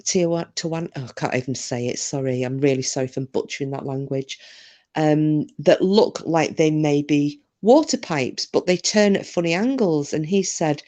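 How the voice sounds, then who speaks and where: A woman's voice: low-pitched, normal speed, warm tone. A woman from England hosting a casual livestream chat, talking freely and reading out viewer comments with self-deprecating humour. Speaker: livestream host.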